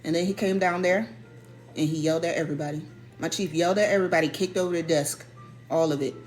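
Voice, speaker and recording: Woman storyteller, lively and emphatic, slightly low register, soft music bed. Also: fast. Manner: animated, emphatic, repeats key phrases. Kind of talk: casual storytelling.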